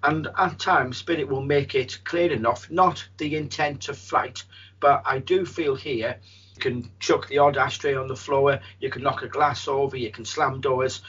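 A medium with a husky voice, telling a story in a rambling way, with many restarts. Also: male voice, mid-range voice, fairly bright tone, dull audio. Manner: rambling, frequent restarts and fillers. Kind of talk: storytelling in an interview.

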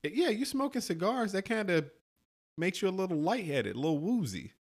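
Podcast guy chiming in, kinda high voice that jumps around a lot, swearing and reacting. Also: big pitch swings, brisk. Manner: reactive, exclaiming, profane. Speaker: podcast co-host. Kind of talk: casual chat, reacting.

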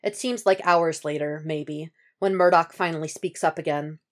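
The reader here is a woman voicing a fan-fiction audiobook. Steady and unhurried, she moves through the descriptions in a calm, even, fairly low voice.

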